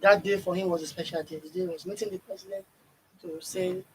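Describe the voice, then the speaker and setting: A man commenting on politics in a studio discussion, relaxed and brushing off concern. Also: high-pitched, fairly quick, a little hiss or hum, rough recording.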